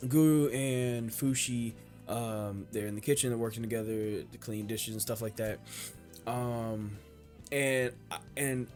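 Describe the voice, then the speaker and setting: A man hosting an anime reaction, with an even, middle-pitched voice and an unhurried, drawn-out delivery. He curses freely, bursts out at the screen and then trips over his words in long, stammering asides. Faint music sits behind him. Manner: emotional, stammering, profane; exclaims loudly at the screen, then rambles quietly. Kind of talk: casual reaction commentary.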